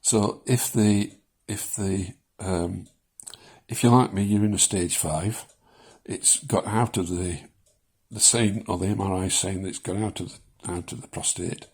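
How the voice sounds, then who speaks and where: A man in his seventies talking casually in a personal vlog, rambling with many pauses and chuckling at his own jokes, shaky as he speaks. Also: sits low, fairly even intonation, a little mellow, husky. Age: 70s. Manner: rambling, self-deprecating, chuckles often, many ums. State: shaking. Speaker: vlogger sharing his cancer experience.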